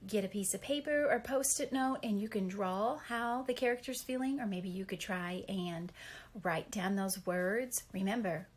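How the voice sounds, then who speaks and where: A young woman teacher reading a picture book aloud to young children, pausing to ask gentle questions. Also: medium pitch. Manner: gentle, animated storybook reading with questions to kids.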